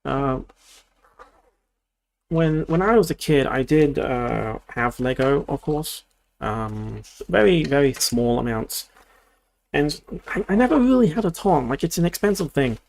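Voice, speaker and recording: A young adult Australian man chats casually on a livestream while building, rambling and thinking aloud with many restarts. His voice is a little high, animated and gravelly with a darkish tone, at a measured pace.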